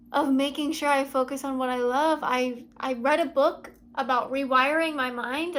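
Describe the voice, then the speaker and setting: A young woman with a high, light voice speaks to camera in a confessional vlog. She sits at home and muses in a dreamy, soul-searching way, drifting from hushed asides to bright, excited bursts. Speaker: vlogger. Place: at home, seated.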